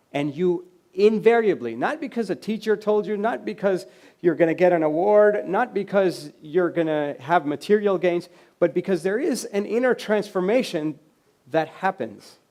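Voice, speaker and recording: Man giving a storytelling keynote, higher voice. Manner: conversational, anecdotal, quiet voices for quoted lines. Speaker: keynote speaker. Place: lecture hall.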